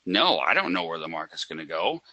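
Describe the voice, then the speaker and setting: A man's voice: low-pitched, sing-song, fairly quick, sharp tone, no room sound, highs cut off. A man teaching a live trading webinar, asking rhetorical questions and acting out a panicked trader. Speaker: trading instructor.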